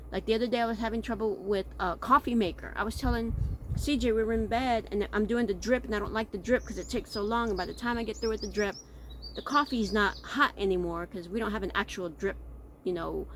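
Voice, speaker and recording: A woman's voice: medium pitch, slight background noise. A middle-aged woman from Texas with a Texan accent, hosting a casual chat show and rambling as she stumbles over her words. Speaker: podcast host.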